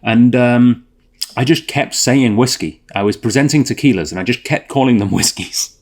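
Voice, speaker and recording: A man's voice: medium pitch, normal speed, darkish tone. A man hosting a whisky tasting video, chatting casually and thinking aloud with fillers and self-corrections. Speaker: host.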